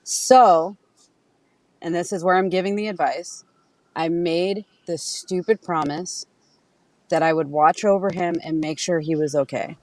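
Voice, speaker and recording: On a podcast, a female guest speaks in a lowish, darkish voice, a little slow and with fairly even intonation, and there's no echo. In casual conversation she shares candid stories, voices other people's lines, and curses without holding back.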